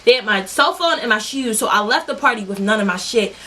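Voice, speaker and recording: A young woman telling a story to her viewers in an animated, profane, talk-straight-to-you way. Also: a little high, a little fast. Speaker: vlogger. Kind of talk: storytime vlog.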